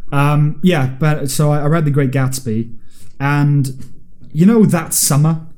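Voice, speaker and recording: A man's voice: a little high, unhurried, a little mellow. Young man chatting on a podcast. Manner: reflective, chatty, with many restarts. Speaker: podcast co-host. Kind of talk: casual chat.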